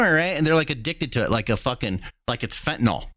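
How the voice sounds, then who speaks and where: A man's voice: a little high, animated, quick pace, fairly bright tone, no room sound, studio quality. A man hosting political reaction commentary, talking bluntly and mockingly and swearing freely as he reacts to clips. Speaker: commentary host.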